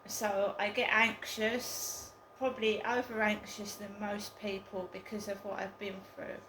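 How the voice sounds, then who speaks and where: A woman's voice: medium pitch, flat delivery, fairly bright tone, reverberant, a little hiss or hum, rough recording. A woman telling a story in a casual vlog, hesitant and full of ums. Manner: slow, hesitant, with many ums. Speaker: vlogger.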